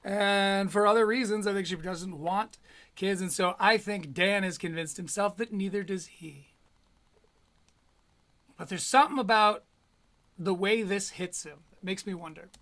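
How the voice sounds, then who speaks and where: A man's voice: high voice, measured pace, a bit bright. A man giving sarcastic, profane running commentary over clips as a streamer.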